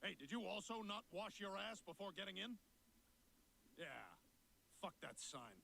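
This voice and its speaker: An actor voicing a wisecracking, self-serving adult talking dog with a sardonic, wheedling manner. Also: male voice, high voice, very animated, a little slow, vocal fry, exaggerated voice. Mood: brash.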